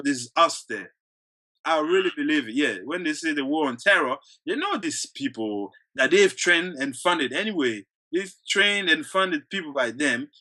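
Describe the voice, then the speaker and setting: A male activist, interviewed casually, talks earnestly and at length, restarting himself and letting out short laughs between points. His fairly high voice sounds pushed and bright, and the recording is rough.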